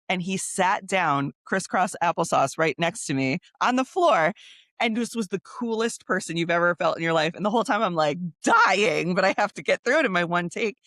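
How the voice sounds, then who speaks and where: A woman in her thirties, a news creator, telling a story in a casual interview, chatty and quick. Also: lowish voice, animated, fairly bright tone, no echo, clean studio sound. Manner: chatty, fast, with quoted voices and laughs.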